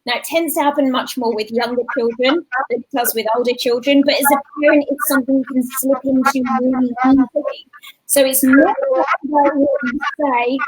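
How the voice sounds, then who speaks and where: High-voiced woman giving parenting advice. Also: fairly even intonation, normal speed, a little hiss or hum, poor audio. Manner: warm practical advice, mimics sing-song voices. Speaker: guest, children's coach. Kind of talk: casual explanatory interview talk.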